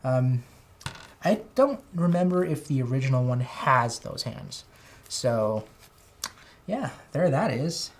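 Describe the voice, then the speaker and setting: Man with a high, whiny voice, rambling and enthusiastic, chatting on a toy livestream with faint noise behind. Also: lively intonation, slow, long pauses. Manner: rambling, enthusiastic, self-correcting. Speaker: toy collector streamer. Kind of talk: casual toy unboxing livestream chat.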